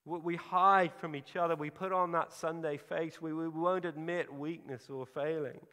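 A man's voice: on the high side, fairly even intonation, pushed and bright. Earnest male preacher in a hall. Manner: earnest, emphatic, pausing for effect. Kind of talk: sermon. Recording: hall reverb.

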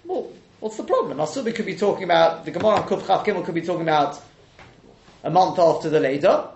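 A man teaching a Talmud class, questioning the texts out loud and mixing in Hebrew and Aramaic terms. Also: high-pitched, lively intonation, fast talker, reverberant, lo-fi sound, a little hiss or hum.

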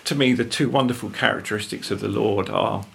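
An older man, talking earnestly about faith as a guest, with a gravelly, husky voice and tag questions. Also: fairly low pitch, fairly quick, fairly bright tone. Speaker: guest speaker.

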